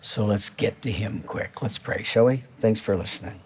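A man's voice: on the low side, moderate pace, a little mellow, a little hiss or hum. A male pastor preaching a sermon in a church, talking to the congregation in a conversational way and repeating key phrases.

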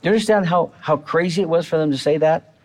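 A man's voice: a little high, quick pace, darkish tone. A male pastor preaching a sermon in a church, talking to the congregation in a conversational way and repeating key phrases.

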